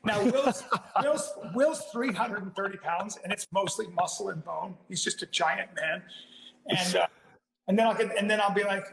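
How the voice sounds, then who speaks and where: Comedian guest, male, raised-pitch storyteller; room echo on the track. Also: vocal fry. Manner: acts out his own reactions with sudden loud exclamations; laughs through his story, frequent "like" fillers. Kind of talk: animated anecdote telling.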